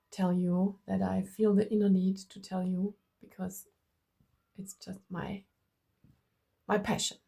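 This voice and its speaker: A woman's voice: mid-range voice, gravelly, dark tone. A woman with a German accent reading oracle cards for her viewers in a vlog, gushing and affectionate, repeating herself and laughing often. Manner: laughs often while talking. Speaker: tarot and oracle card reader.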